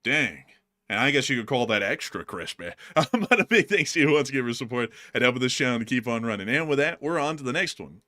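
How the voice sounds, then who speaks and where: A man's voice: medium pitch, big pitch swings, fast, pushed and bright. A man hosting a casual war-news commentary stream, chatty and rambling, laughing often. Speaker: host.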